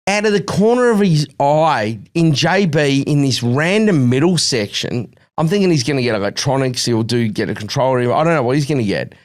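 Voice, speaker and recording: A man's voice: medium pitch, fairly quick, hardly any pauses. A middle-aged Australian man, a podcast co-host, telling a long story in casual chat and acting out the quotes. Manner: animated storytelling, acts out quotes.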